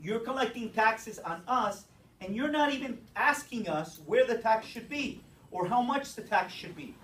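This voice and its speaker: A teacher giving a brisk classroom lecture, explaining step by step and checking in with the students. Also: medium pitch, expressive, a bit bright. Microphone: distant room mic. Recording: echoey classroom from far off.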